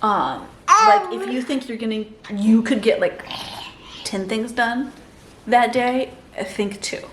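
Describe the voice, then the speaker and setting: A woman in her thirties with a fairly high voice, chatting loosely to the camera as a mom vlogger. She laughs a lot and breaks off to coo at her baby. A faint hiss of background noise sits under her voice. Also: sing-song, slow, fairly bright tone. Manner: chatty, laughing often, talking to her baby between tips. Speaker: vlogger and mother. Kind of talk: casual chat to camera.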